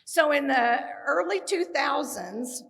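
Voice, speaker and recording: Woman, middle-aged, from Kansas, tribute speech, humorous anecdotes, acts out dialogue, a little high-pitched. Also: lively intonation, slow, creaky, fairly bright tone. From Kansas, USA. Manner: humorous storytelling with acted-out dialogue. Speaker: speaker at a tribute ceremony.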